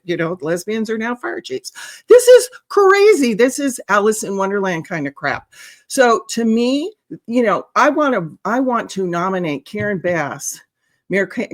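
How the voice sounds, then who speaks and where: Female guest, animated and outraged, stumbling through restarts. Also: medium pitch. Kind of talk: casual political chat.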